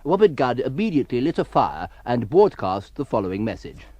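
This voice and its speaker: A man reading a deadpan mock news bulletin with silly interjections, on a hissy old cassette tape. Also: mid-range voice, fairly quick. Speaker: comedy newsreader.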